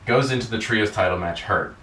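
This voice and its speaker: Rambling man with a bright, echoey sound. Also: lowish voice, brisk, slight background noise. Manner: rambling, filler-heavy, profane. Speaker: podcast host. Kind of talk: casual recap chat. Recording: echoey room, distant mic.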